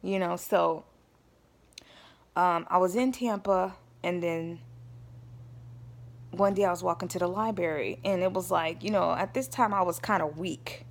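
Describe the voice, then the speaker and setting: A woman's voice: on the low side, a little slow, vocal fry, pauses often, a little hiss or hum. A woman vlogger telling a personal story in a rambling, casual way, often stopping to check in with her listeners. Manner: rambling, checks in with listeners, addresses them as y'all.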